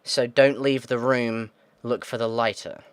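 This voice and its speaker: Hosting a gaming video, a man reads a text game's descriptions aloud, then reacts, thinking aloud and muttering frustrated, sweary asides. His medium-pitched voice is smooth, with flat delivery and a measured pace, and there's no echo.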